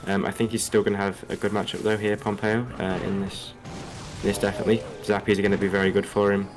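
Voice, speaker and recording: A man's voice: lowish voice, level tone, music in the background. A man from England with a general English accent and a slight Australian twang, co-casting esports and breaking down plays analytically. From Liverpool, England. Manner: quick, analytical. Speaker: co-caster. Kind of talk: esports commentary.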